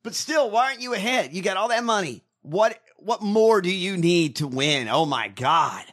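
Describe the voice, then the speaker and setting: A man with a slightly high voice and a lively, swooping delivery. He hosts casual political chat and is blunt and mocking, with heavy swearing. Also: moderate pace. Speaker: podcast host.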